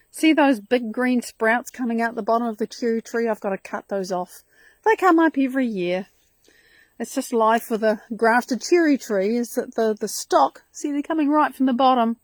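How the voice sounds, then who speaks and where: A woman's voice: fairly high pitch, expressive, moderate pace, no room sound. A woman hosting a casual live stream from her front garden outdoors, chatting in a rambling, enthusiastic way into a handheld phone.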